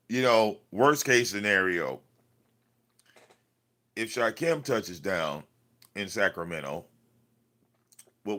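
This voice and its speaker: Man, livestream host, low voice, confrontational rant, profane, repetitive, cluttered home room. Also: fairly bright tone. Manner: confrontational, profane, repeats himself. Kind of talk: ranting livestream talk.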